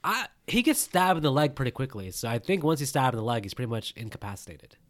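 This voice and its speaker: A man's voice: medium pitch, very animated, quick pace, a bit bright. A man co-hosting a casual movie review chat, joking and laughing often. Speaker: podcast co-host.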